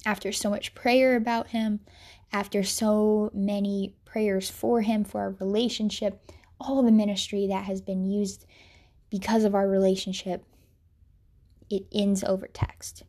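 Earnest young woman, mellow voice. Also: medium pitch, little pitch movement, a little slow. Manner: earnest, sorrowful, dips into soft whispered asides. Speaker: speaker sharing a personal faith story. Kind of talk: personal testimony monologue.

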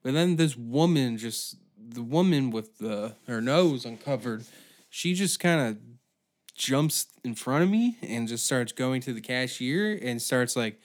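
A man's voice: medium pitch, lively intonation, a little slow. A man hosting a podcast, ranting through a sarcastic, profane comedic monologue. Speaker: podcast host.

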